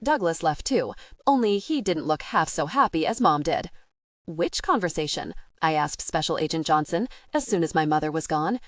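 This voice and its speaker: A woman's voice: deep voice, animated, normal speed, dry recording, studio quality. A woman narrating a first-person audiobook in a wry, conversational way.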